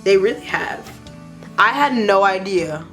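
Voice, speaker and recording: A young woman in a casual beauty review vlog, talking playfully and gushing with excitement. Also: mid-range voice, unhurried, soft background music. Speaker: beauty vlogger.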